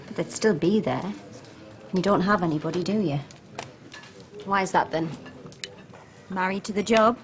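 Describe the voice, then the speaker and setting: Actress as a lonely mother, lowish voice, quietly prying. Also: moderate pace, pauses often, slight background noise, close to an everyday voice. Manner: gentle, probing questions.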